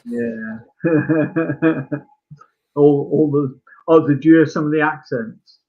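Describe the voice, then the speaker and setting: A man co-hosting a podcast, chatting casually about an old film, full of halting restarts and fillers. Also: on the high side. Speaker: podcast co-host. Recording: tinny phone-like line.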